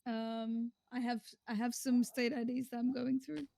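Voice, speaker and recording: A woman playing a police high command officer in casual role-play chat, hesitant with many fillers and restarts. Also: level tone, unhurried, gravelly, dark tone, no room sound, studio quality.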